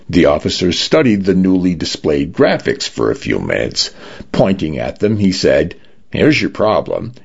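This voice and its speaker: A man narrating a story in a steady, expressive reading. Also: low voice, gravelly, breathy edge, dull audio.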